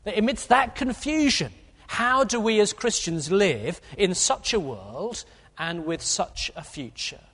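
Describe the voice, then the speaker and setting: A man's voice: sits high, sing-song, takes it slowly, fairly bright tone, husky. A man preaching an earnest expository sermon, with a few fillers. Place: church. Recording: long hall reverb.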